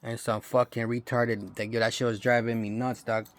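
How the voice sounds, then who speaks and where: A man's voice: medium pitch, level tone, moderate pace, slight background noise. A man from Romania ranting in a rambling, profane monologue, tossing in bro and dog all the time. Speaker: vlogger.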